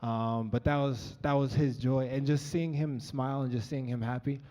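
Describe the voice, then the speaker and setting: On stage in a large event hall, an earnest young man from Colorado, the featured storyteller, tells a story in a conversational way full of ums. His voice is mid-range, warm and steady, at a moderate pace. The live recording sounds dull and echoey.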